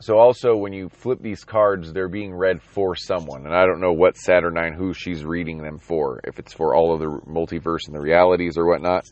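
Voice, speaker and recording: Very deep-voiced man rambling about comics. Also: steady tone, moderate pace, few pauses, darkish tone, no room sound, muffled recording. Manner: rambling, many restarts and ums, reading passages aloud. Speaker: comic book reviewer. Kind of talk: casual comic book commentary.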